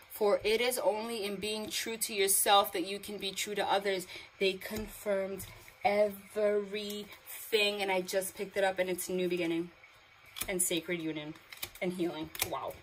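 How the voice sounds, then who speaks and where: A woman's voice: mid-range voice, level tone, measured pace, slight background noise, poor audio. A young woman giving a tarot card reading, emotional and awed, reading card texts aloud, with water sounds from a sound machine in the background. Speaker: tarot reader.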